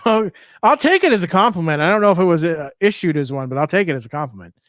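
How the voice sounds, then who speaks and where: Higher-voiced easygoing podcast co-host. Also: male voice, lively intonation, fast talker, a bit bright, no echo, clean studio sound. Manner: chatty travel storyteller, easygoing. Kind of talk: casual podcast chat.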